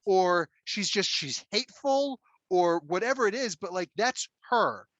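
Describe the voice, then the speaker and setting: A man hosting a casual podcast chat, telling stories in an animated, emphatic way and swearing freely. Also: sits high, unhurried, no echo, lo-fi sound. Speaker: podcast host.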